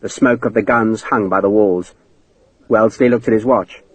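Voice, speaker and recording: A man narrating an audiobook in a dramatic, expressive way. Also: fairly low pitch, normal speed, slightly rough, no echo, poor audio. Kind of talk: scripted narration.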